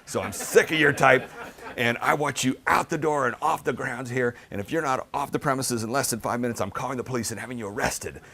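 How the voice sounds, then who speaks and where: A man voicing a fierce older female acting teacher who scolds a student in a shrill, yelling voice. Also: fairly quick, vocal fry. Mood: furious.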